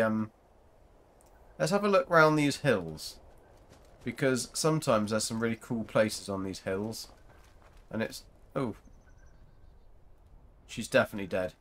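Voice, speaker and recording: A man with a mid-range, fairly bright voice hosts a gaming channel. He rambles chattily to his viewers while playing, giving casual gameplay commentary.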